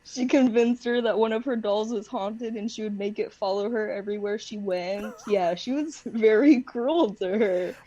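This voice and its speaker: A woman's voice: medium pitch, normal speed, hardly any pauses, warm tone, dull audio. A young woman co-hosting a podcast, chatting casually about her siblings and laughing as she tells stories. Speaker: podcast co-host. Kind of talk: casual conversational chat.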